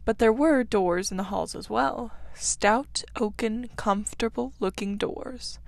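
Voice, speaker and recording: A young woman hosting a book podcast and reading a classic story aloud in a calm storytelling manner. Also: fairly high pitch, creaky, no room sound. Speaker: podcast host and reader. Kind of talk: audiobook reading.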